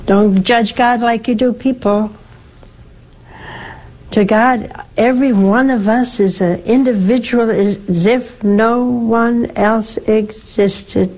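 Older nun talking slow and gentle, kinda high voice, asks lots of questions. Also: female voice, fairly even intonation, poor audio. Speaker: nun hosting a call-in show. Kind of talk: religious teaching and call-in advice.

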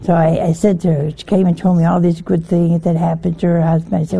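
A woman's voice: lowish voice, flat delivery, fairly quick, vocal fry, dark tone, husky. A woman giving an informal scripture teaching in a folksy, humorous way, full of rhetorical questions to her listeners. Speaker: religious teacher.

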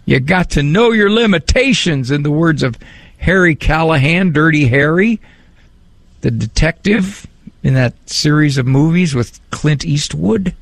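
A man who is a psychologist, giving a casual talk on parenting and faith, animated and fond of mimicking voices for humor. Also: on the high side, measured pace, gravelly, no echo. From Italian heritage.

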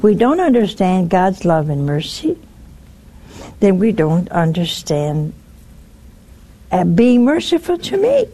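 Here the preacher is a woman whose voice is fairly low and slow, with frequent pauses. In her broadcast sermon she spins lively, wryly humorous stories, pokes fun at her listeners, and lowers her voice to a whisper to drive points home.

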